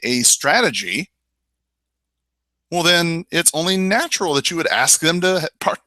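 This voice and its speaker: A man teaching sales in a webinar, with a slightly high, very lively voice that swings widely in pitch. His tone is bright and punchy, and he talks straight at the listener with rhetorical questions. The sound is close and dry. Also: dry recording. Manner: emphatic, persuasive, repeats "I mean" and "you know". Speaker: real estate sales trainer.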